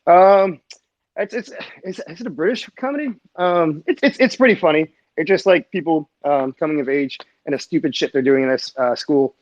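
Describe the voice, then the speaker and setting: Man, casual chat, slightly high voice, dull lo-fi sound, rambling. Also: normal speed, no echo. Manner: chatty, rambling, fillers and restarts. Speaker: group audio chat participant. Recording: slightly muffled lo-fi line.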